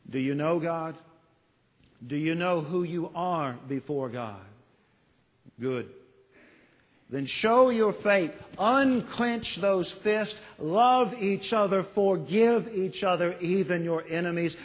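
Slow, earnest male pastor in church reverb. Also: a little high. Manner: earnest, pleading, with dramatic pauses. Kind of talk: sermon. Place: church sanctuary.

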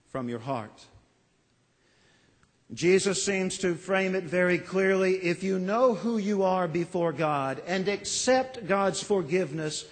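A man preaches slowly and earnestly, leaning into pleading lines and letting pauses hang. His voice sits a little high for a man. It rings out with the long reverb of a church sanctuary. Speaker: pastor. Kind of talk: sermon.

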